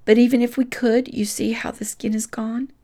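A woman quoting her father in her own voice, speaking quietly and half-whispered. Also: fairly high pitch, little pitch movement, normal speed. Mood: gentle, sad. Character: quiet, gentle father breaking sad news.

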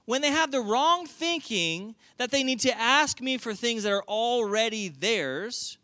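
A man's voice: very high-pitched, expressive, unhurried, bright, forceful tone, dry recording, studio quality. A man preaching a sermon, telling a story animatedly with playful asides. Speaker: pastor.

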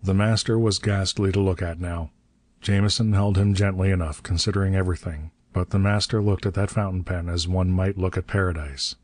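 A man narrating a story in a steady, measured reading. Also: low voice, no room sound. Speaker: audiobook narrator. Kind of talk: scripted narration.

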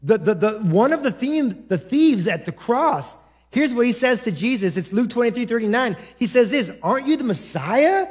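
A male pastor preaching a sermon in church, animated, acting out quoted voices with many restarts. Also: very high-pitched, moderate pace.

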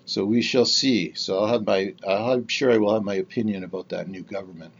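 A man's voice: fairly low pitch, fairly even intonation, a little fast, breathy edge, dull audio. A man about to turn sixty from Canada, hosting his own podcast in a candid, rambling monologue full of fillers and restarts. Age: 50s. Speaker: podcast host. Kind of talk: casual solo podcast monologue.

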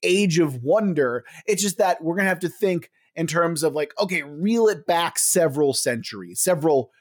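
A man's voice: on the high side, expressive, moderate pace. A man brainstorming a game setting in casual chat, enthusiastic and full of fillers, swearing now and then.

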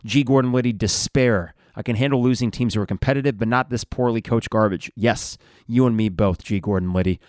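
A man's voice: mid-range voice, brisk, darkish tone, no room sound, clean studio sound. A middle-aged man hosting a sports podcast, casually reading listener replies aloud with wry asides. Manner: wry, conversational, reads out comments one after another.

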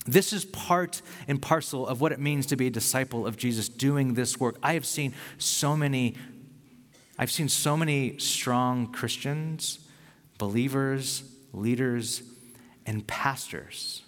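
A man preaching a sermon as pastor, earnest and conversational, acting out quick asides as he talks. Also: mid-range voice, fairly bright tone, in a large hall.

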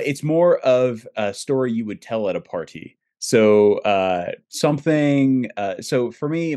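A man's voice: lowish voice, a little mellow, no echo, studio quality. A man hosting an interview, asking questions in a hesitant way with many fillers. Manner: hesitant, filler-heavy phrasing. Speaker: podcast host. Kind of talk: casual interview chat.

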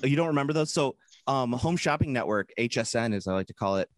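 Rambling, animated man co-hosting a podcast. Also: medium pitch, fast, no room sound, studio quality. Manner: rambling, animated, puts on silly voices. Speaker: podcast co-host. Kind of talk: casual chat.

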